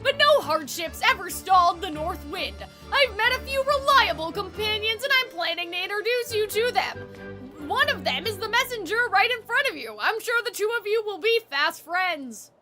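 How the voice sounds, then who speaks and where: A woman's voice: extremely high pitch, very animated, moderate pace, over music. A young woman streamer chatting while reading game text aloud and reacting to chat.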